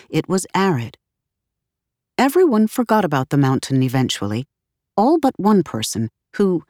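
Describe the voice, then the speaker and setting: A woman reading her own audiobook aloud in a measured, deliberate narration. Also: deep voice, darkish tone, dry recording, clean studio sound.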